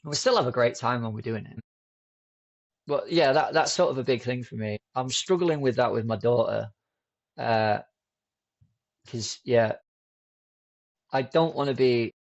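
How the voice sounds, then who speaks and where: A man as a podcast guest, chatting in a relaxed, rambling way with many fillers and restarts. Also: medium pitch, dull audio. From United Kingdom. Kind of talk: casual conversational storytelling.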